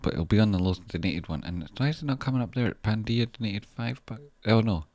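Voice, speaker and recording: A man's voice: fairly low pitch, a little fast, a little mellow, dry recording. A man with a Scottish accent chatting casually on a trading livestream, reading viewer messages, swearing freely and thanking people effusively.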